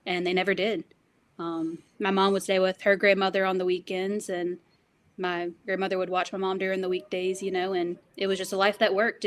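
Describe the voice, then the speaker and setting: A woman guest in an interview, telling family stories in an affectionate, conversational way. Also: lowish voice.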